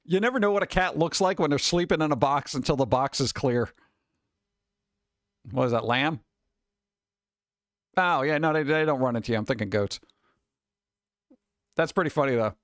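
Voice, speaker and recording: A man with a slightly high voice chats in a loose, laid-back way, as a stream host. His voice sits close and dry on the mic. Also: animated, normal speed, long pauses, a bit bright, no room sound. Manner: laid-back, chatty, trailing off into asides. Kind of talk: casual live-stream commentary.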